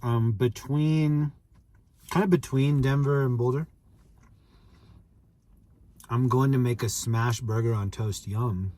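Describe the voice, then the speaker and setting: A man's voice: medium pitch, fairly even intonation, slow, pauses often, warm tone. Jokey man chatting on a live stream. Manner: jokey, rambling, greets viewers by name. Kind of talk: casual live-stream chat.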